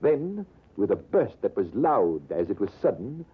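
A husky army major, swinging his pitch wide as he spins his war story. His telling is measured and dramatic. The sound is thin and lo-fi, like an old radio broadcast. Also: big pitch swings, full character voice. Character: British army major spinning a tale. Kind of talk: 1940s radio acting.

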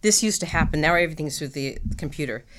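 Low-voiced woman telling lively stories. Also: quick pace. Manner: animated storytelling with frequent laughs. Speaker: actress guest. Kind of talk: casual interview chat.

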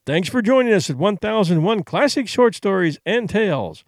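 Expressive male storyteller. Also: high-pitched, moderate pace, no room sound. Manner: expressive, dramatic reading. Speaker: host and storyteller. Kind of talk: storybook narration.

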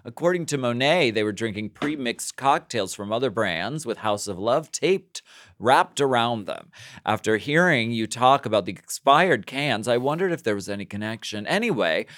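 A man co-hosting a podcast in casual chat, bantering and animated, loud one moment and muttering the next. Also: medium pitch, moderate pace, no room sound, studio quality. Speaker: podcast co-host. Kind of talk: casual chat, reading listener emails.

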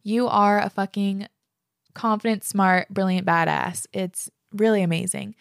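A woman's voice: medium pitch, steady tone, a little slow, creaky, dry recording, clean studio sound. A young woman hosting a casual podcast, reading listener letters aloud and chatting about them, enthusiastic and swearing freely. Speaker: podcast host.

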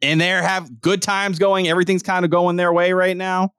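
A man's voice: sits high, flat delivery, normal speed, a bit bright, clean tone, no room sound, clean studio sound. A man co-hosting a sports podcast in casual banter, worried, insistent and profane. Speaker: podcast co-host.

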